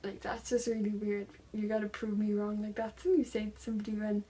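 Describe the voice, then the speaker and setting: Flat-voiced young woman retelling a story. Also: mid-range voice, a little fast, low-quality recording. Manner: reads text messages aloud in a flat storytelling way, with many "like" fillers. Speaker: vlogger. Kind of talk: casual true-crime retelling.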